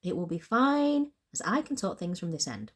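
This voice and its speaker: A woman's voice: lowish voice, very animated, normal speed. A woman voicing a blunt, caring female friend and boss who pushes hard and talks matter-of-factly. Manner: pushy, insistent, matter-of-fact.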